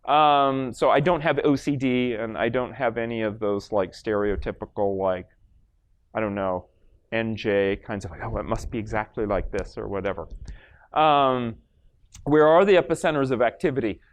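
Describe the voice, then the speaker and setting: A man's voice: on the low side, moderate pace. A man from Los Angeles giving a live stage presentation as a lecturer, casual and rambling, full of fillers and restarts. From Los Angeles, USA. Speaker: lecturer demonstrating a brain scan. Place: stage in front of an audience.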